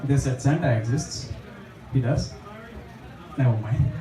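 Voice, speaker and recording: A man's voice: medium pitch, a little slow, a crowd in the background. A young man doing open mic stand-up in a small bar, chatty and self-deprecating, with lots of fillers. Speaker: stand-up comedian. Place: small bar stage with a live audience. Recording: echoey bar room, distant mic, audience laughter.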